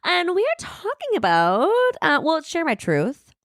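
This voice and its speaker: A woman's voice: high-pitched, wildly swooping pitch, moderate pace, no room sound, studio quality. A woman co-hosting a podcast in casual, playful chat, crude and fond of swearing. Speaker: podcast co-host.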